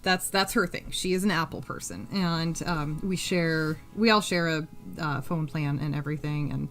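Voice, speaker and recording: A woman's voice: low-pitched, steady tone, moderate pace, a bit bright, faint music behind. A woman hosting a live crafting stream, rambling and chatty, humming to herself and swearing freely. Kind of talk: casual chat while crafting on a live stream.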